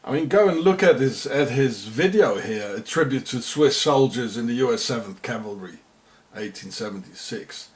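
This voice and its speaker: An animated man from South Africa with a medium-pitched voice narrates over on-screen footage at a moderate pace. The commentary rambles and turns sarcastic, and he often repeats and restarts his words.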